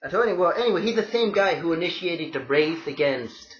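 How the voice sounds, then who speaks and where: A man casually walking viewers through comic book panels, excitable and calling them folks. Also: a little high, brisk, echoey room, lo-fi sound. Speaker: comic book video host.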